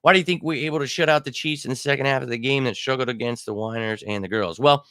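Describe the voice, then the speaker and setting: A man hosting a live fan Q&A stream, heated and rambling, swearing and shouting out commenters. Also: mid-range voice, quick pace, clear, resonant tone, no echo, clean studio sound. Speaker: fan show host.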